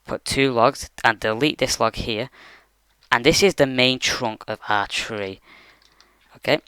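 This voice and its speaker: A man's voice: mid-range voice, sharp tone, smooth, dry recording. A man talking through a game tutorial from his bedroom computer, rambling casually with lots of fillers. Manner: rambling, many fillers like "you know" and "like". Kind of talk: casual screen-recorded tutorial.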